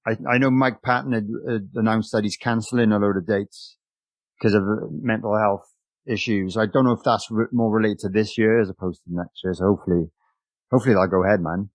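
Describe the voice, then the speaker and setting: A man's voice: lowish voice, steady tone, no room sound. Hesitant man hosting a podcast. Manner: halting, many "um" and repeated words while asking questions. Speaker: podcast host. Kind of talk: casual interview chat.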